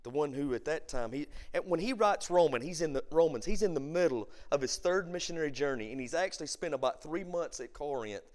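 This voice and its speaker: A man, a pastor teaching a Bible study, who swings from shouted emphasis to quiet storytelling. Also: on the high side, expressive, brisk, few pauses. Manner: preacher who shouts for emphasis, then tells stories softly.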